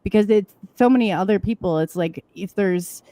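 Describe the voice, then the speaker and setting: A woman's voice: medium pitch, moderate pace, warm tone, no echo. Woman, interview host, earnest and encouraging, dry sound. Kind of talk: casual interview talk.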